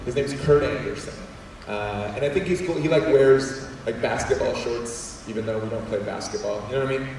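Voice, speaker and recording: A man's voice: mid-range voice, a little fast, a little hiss or hum. A young man giving a storytelling talk to students in a school auditorium, acting out voices as he tells it. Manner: animated storytelling with acted-out voices. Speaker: guest speaker. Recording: echoey hall, voice from far off.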